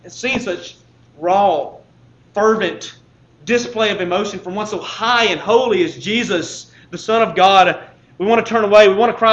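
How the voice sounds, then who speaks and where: A man's voice: sits high, moderate pace, fairly bright tone, rough recording. A man preaching a sermon, building with repetition into fervent, impassioned appeals.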